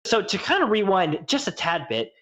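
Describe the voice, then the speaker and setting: A young man co-hosting a podcast, telling a college road-trip story in a casual, animated, profane way. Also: high voice. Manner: animated, profane, quick bursts of laughter. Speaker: podcast co-host.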